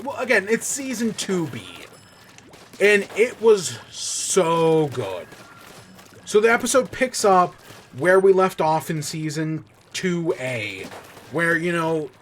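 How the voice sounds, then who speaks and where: A man's voice: a little high, slight background noise. A man hosting a podcast, enthusiastically recapping a cartoon episode in a rambling, casual way with frequent fillers and swearing. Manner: excited, rambling, swears freely. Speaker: podcast host.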